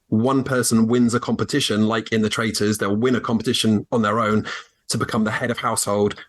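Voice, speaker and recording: A man's voice: on the low side, a bit bright. A man guest co-hosting a podcast, explaining things in a chatty, easygoing way with frequent laughs and fillers. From England. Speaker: guest co-host. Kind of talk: casual podcast chat.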